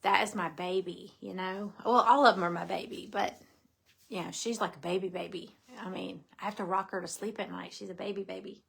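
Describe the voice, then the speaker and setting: A woman's voice: mid-range voice, fairly even intonation, fairly quick, creaky, fairly bright tone, husky. A middle-aged woman, chatting casually and at length with her live viewers, repeating herself and saying "you know" a lot. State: out of breath. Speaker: craft business owner.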